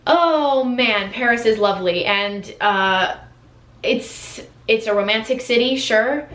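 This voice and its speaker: A fairly high, slightly bright voice belongs to an American woman vlogger who takes her time as she talks to camera. She sounds casual and enthusiastic, full of fillers and restarts, recorded in an echoey room.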